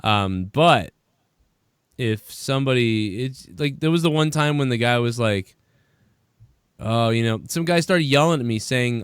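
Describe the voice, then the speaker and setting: A podcast host in his thirties tells a bar story in a casual chat, swearing freely and animatedly acting out the quotes. His smooth mid-range voice is a little slow, captured with clean studio sound and no room sound.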